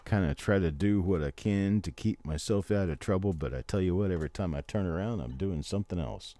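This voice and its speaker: A man's voice: low-pitched, a little fast, dark tone, dry recording. An older man hosting a live stream from his home in casual chat, rambling and folksy with chatty asides. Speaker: host.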